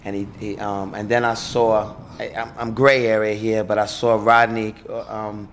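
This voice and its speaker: A middle-aged man with a New York accent, a former police officer, telling a story in halting conversation full of fillers and restarts. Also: fairly low pitch, level tone, slight background noise.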